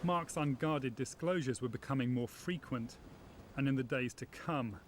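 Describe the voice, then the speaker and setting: A man narrating a documentary and interviewing its subject in a calm, measured way. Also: mid-range voice, background noise. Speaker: documentary reporter.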